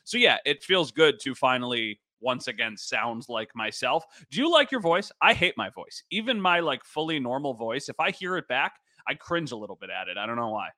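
A man's voice: mid-range voice, very animated, moderate pace, few pauses, bright, forceful tone, dry recording. A man co-hosting a sports podcast, chatting casually with a self-deprecating manner. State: just recovered from a nasal cold. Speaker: sports podcast co-host, former TV reporter.

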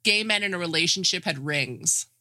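A woman chatting about a film, animated and acting out lines of its characters. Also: lowish voice, moderate pace, dry recording, clean studio sound. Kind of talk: casual movie discussion.

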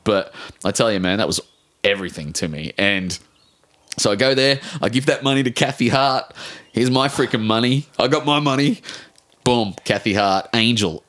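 An Australian man in his forties, an author telling a rambling, animated story in a casual interview, swearing casually and restarting his sentences often. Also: fairly low pitch. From Brisbane, Australia. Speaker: author guest.

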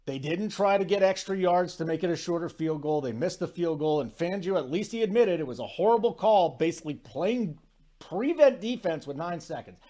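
A man in his forties hosting a sports talk show, telling stories in a rambling, animated way with lots of asides. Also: on the high side. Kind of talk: casual sports talk monologue.

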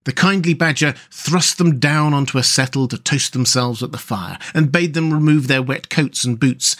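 A male storyteller reading a classic tale aloud, at an average pitch for a man. His delivery is measured and gentle, settling into descriptive passages. He frames the story as the show's host. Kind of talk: scripted narration of a classic story.

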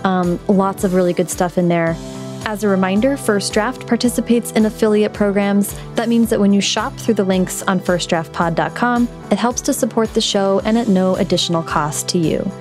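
A woman's voice: mid-range voice, normal speed, music in the background. A woman hosting a podcast about writing, reading the show's announcements and then interviewing her guest in a friendly, chatty way. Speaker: podcast host. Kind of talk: podcast intro read and interview.

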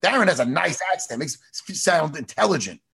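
A man's voice: a little high, animated, a little fast, creaky, pushed and bright, breathy edge. An American man hosting a casual interview, rambling and joking with lots of swearing. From United States. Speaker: podcast host.

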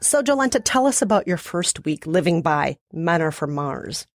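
A woman co-host reads through a list of steps with a dryly ironic edge. Her voice sits slightly low. It is recorded close, with almost no room sound. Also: sing-song, moderate pace, dry recording, soft background music. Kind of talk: scripted summary with wry asides.

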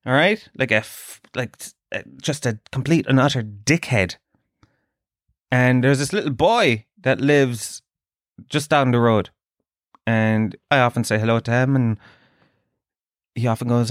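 A man's voice: medium pitch, lively intonation, moderate pace, dry recording, studio quality. A middle-aged Irish man from Dublin hosting a podcast, telling self-mocking comic stories full of swearing. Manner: sweary, self-mocking storytelling with put-on voices. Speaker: podcast host. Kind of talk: comic monologue.

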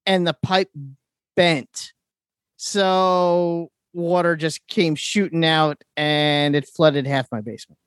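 A man with a high voice trading dry, teasing remarks in a casual chat. The recording is close and dry. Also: steady tone, slow, fairly bright tone, clean tone, no echo.

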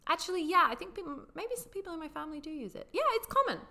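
A British woman co-hosting a podcast in casual chat, wry and mock-exasperated, quick to laugh. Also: extremely high pitch, very animated, pushed and bright. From Britain. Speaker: podcast co-host.

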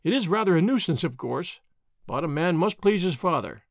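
A man's voice: on the high side, animated, normal speed, gravelly, no room sound, clean studio sound. A man reading the part of a lazy, ironic young nobleman in an audiobook, drawling and mildly mocking. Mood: languid.

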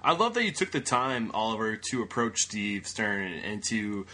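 A man hosting a podcast interview, enthusiastic and encouraging, quick to laugh with his guest. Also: on the low side, big pitch swings, bright, forceful tone. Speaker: podcast host.

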